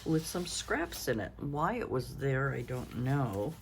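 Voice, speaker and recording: Older woman, low voice, slow unhurried talk, tired, rambling craft chat. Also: sing-song, vocal fry, noisy background. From Canada. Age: 60s. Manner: rambling, thinks aloud, self-interrupting. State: tired and yawning. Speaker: craft vlogger. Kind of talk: casual show-and-tell chat.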